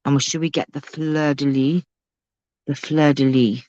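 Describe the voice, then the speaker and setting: A woman's voice: deep voice, steady tone, unhurried, dark tone, dry recording, muffled recording. A woman hosting a casual crafting livestream, chatting and thinking aloud as she works. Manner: chatty, thinks aloud, talks to her pet. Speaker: craft channel host.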